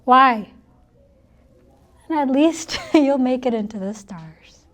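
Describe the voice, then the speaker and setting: A middle-aged woman speaks to a gathered audience in a high voice. She is chatty and playful, and she laughs easily while she teaches. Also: expressive, slow pace, a bit bright. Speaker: spiritual talk speaker. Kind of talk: informal spiritual talk to an audience.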